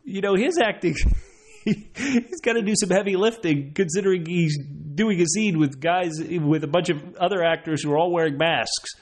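A man hosting a podcast in casual chat, enthusiastic and quick to laugh. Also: sits high. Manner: chatty, laughs often, enthusiastic. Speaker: podcast host.

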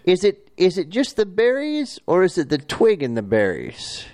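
A man's voice: high voice, wildly swooping pitch, moderate pace, darkish tone, rough recording. A man playing a folksy, stammering talk show host in an improv comedy sketch.

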